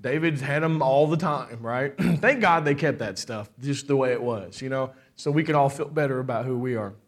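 A middle-aged man, a pastor, preaching a lively sermon and calling out to the congregation for amens. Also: medium pitch, normal speed. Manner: preaching with call-and-response and laughter.

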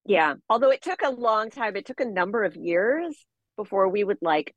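Female guest author, lively delivery, husky edge. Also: medium pitch, normal speed, no echo, dull audio. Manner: animated, expressive storytelling. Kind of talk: lively conversation.

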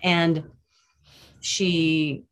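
A woman, a nurse and guest on an interview, telling stories in an animated, chatty way with many restarts. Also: low-pitched, extremely slow. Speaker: nurse and plant-based diet advocate, guest. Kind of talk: casual interview storytelling.

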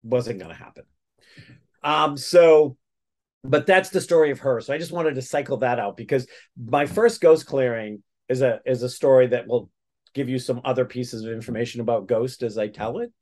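A man's voice: medium pitch, normal speed, a little mellow. A man telling a story as a guest in a casual interview, rambling with many restarts.

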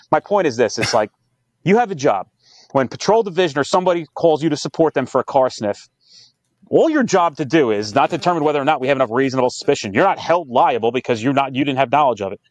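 A man's voice: mid-range voice, quick pace, no room sound. A man guest on a podcast interview, telling cop stories with lots of swearing and quoted back-and-forth. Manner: profane, animated storytelling with quoted dialogue. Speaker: police training company founder, guest.

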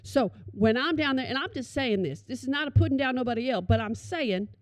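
A middle-aged woman telling comic stories to an audience, animated and calling them y'all. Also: high voice, a little fast, no echo. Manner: animated, addresses listeners as y'all. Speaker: storyteller.

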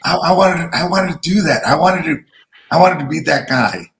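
A raspy-voiced man in his forties, a military veteran guest, telling stories in a lively, laughing, self-deprecating way. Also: a little high, moderate pace, reverberant, slight background noise, poor audio. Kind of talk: casual storytelling interview.

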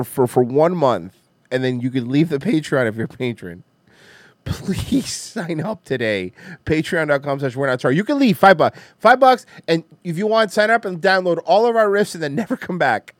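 A man's voice: on the high side, no room sound. A man co-hosting a podcast in casual chat, rambling, swearing freely and laughing often. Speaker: podcast co-host.

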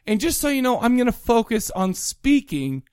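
A man's voice: very high-pitched, very animated, normal speed, darkish tone, clean tone, dry recording, clean studio sound. A man co-hosting a podcast, chatting casually and jokingly about a movie, rambling and stumbling over names. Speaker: podcast co-host. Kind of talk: casual comedic movie review chat.

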